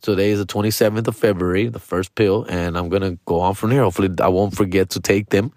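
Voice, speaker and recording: A vlogger talks casually to camera from his room in a personal monologue, slangy and profane, calling his listener "dog" and "fool" and slipping into Spanish mid-sentence. His deep voice is steady, quick, and a little mellow, with no room sound.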